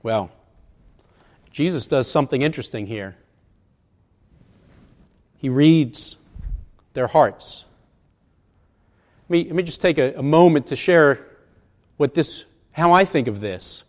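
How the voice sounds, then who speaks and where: A man's voice: a little high, lively intonation, takes it slowly, long pauses, darkish tone. A man in his sixties preaching a sermon in a conversational way, asking rhetorical questions. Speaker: pastor. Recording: long reverb of a large hall.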